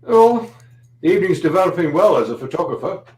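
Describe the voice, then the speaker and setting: A middle-aged guest photographer from London, England, with a London accent, chats casually in an interview, telling anecdotes with dry humor and frequent hesitations. His voice is high-pitched and darkish in tone, fast with lively intonation, in an echoey room on a rough recording.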